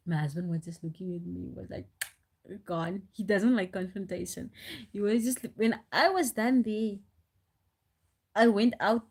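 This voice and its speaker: A woman talks casually on a live stream, spinning animated, rambling stories full of restarts and laughter. Her voice sits at a middle pitch for a woman, and she speaks into a phone. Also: moderate pace. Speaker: livestreamer.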